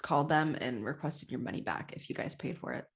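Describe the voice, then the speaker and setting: A woman's voice: a bass voice, brisk, vocal fry, crowd noise. A young woman co-hosting a podcast, chatting casually in a teasing, blunt way. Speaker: podcast co-host. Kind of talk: casual chat.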